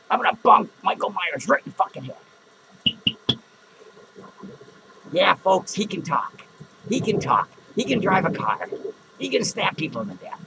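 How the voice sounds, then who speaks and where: A man doing a high, gravelly, foul-mouthed clown. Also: background noise, heavily acted. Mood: mocking. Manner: swearing, rambling, nervous outbursts. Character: foul-mouthed jittery male clown, paranoid and crude. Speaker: podcast host. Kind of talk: profane comedic rant to viewers. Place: podcast studio.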